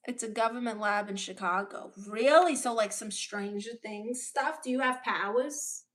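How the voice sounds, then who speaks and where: Brooklyn-accented woman host, a touch high-pitched, sassy and unapologetic, chatting with viewers on a stream. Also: normal speed, a bit bright. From Brooklyn, New York. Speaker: livestream host. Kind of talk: casual livestream chat reading viewer comments.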